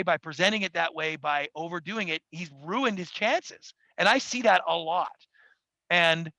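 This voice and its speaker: Gravelly bright-voiced man, animated. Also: high voice, no echo, rough recording. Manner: acts out quoted people in quick voices. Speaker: podcast guest, TV producer. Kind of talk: animated interview talk. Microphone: studio mic.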